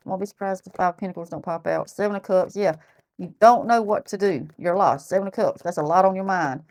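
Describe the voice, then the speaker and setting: A woman's voice: lowish voice, a little fast, darkish tone. A woman giving a casual tarot reading who talks bluntly, thinks aloud and repeats herself. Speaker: tarot reader.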